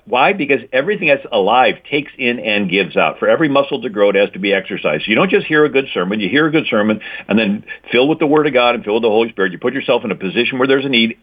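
A man giving an emphatic talk on church history, explaining points and checking in with "right?". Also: mid-range voice. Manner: lecturing, repeats key points with "right?". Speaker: guest speaker on Christian history. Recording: tinny phone-like line.

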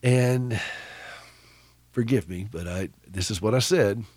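A middle-aged man hosts a radio talk show, speaking in a fairly low voice. He tells stories conversationally, with a chuckle, and turns to his listeners with questions. The studio sound is dry and close. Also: takes it slowly, a little mellow, no room sound. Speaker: radio host.

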